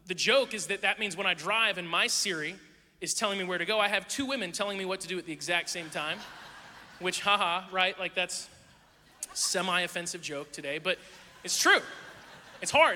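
A man preaching a humorous sermon, telling animated stories and jokes to a live congregation. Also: sits high, moderate pace, a little hiss or hum. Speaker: pastor. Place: large hall with a live audience. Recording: live hall with long reverb.

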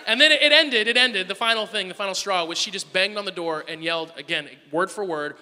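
A man preaching a sermon, telling a family story with animated swings between loud bursts and soft asides. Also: high-pitched, fairly quick, in a large hall, some chatter behind. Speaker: pastor.

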